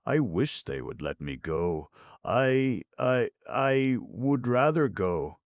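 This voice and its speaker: A man's voice: mid-range voice, animated, slow, no echo, studio quality, pitched above the performer's own voice. A man voicing a timid young orphan boy who speaks hesitantly.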